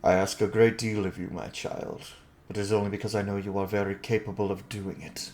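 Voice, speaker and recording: A man voicing a grave, protective elf father who speaks slowly and quietly. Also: on the low side, little pitch movement, natural voice. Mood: solemn. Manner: slow, solemn and hushed.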